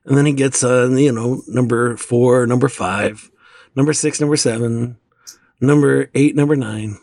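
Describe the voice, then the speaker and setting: A young man chatting casually with a friend, spinning anecdotes and acting out the voices in them. His delivery is lively and full of laughter, recorded close and dry with almost no room sound. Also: medium pitch, measured pace, gravelly, no echo. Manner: animated storyteller acting out quoted dialogue, laughs often. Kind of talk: casual storytelling chat.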